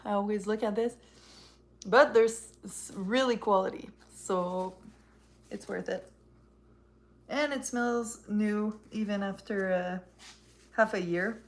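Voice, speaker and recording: A woman's voice: medium pitch, slow pace, long pauses. Chatty woman streaming. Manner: chatty and rambling, reacting to viewer comments. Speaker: live streamer reviewing a tarot deck. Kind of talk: casual live-stream chat.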